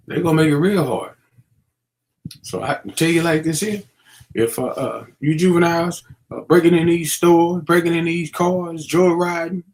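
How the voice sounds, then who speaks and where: A man's voice: fairly high pitch, a little mellow. A middle-aged man giving casual, preachy commentary, using street slang and many fillers as he warns young people. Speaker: vlogger.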